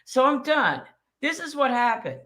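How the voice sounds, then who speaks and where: Brassy woman co-host, blunt and foul-mouthed; bright, higher voice. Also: a little slow. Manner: blunt, profane, animated ranting. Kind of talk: casual podcast chat.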